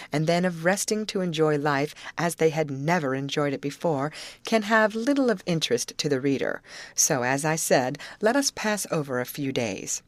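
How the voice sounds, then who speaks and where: A woman with a low voice reads an audiobook in measured, expressive narration. Her pitch moves in lively swings, and the read is dry and close to the mic. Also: no room sound. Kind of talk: scripted narration.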